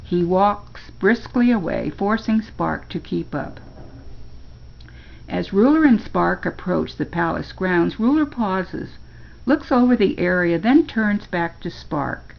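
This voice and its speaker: An older woman reading a children's story aloud, slowly and gently, as a storyteller. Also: lowish voice, lively intonation, vocal fry, dull audio.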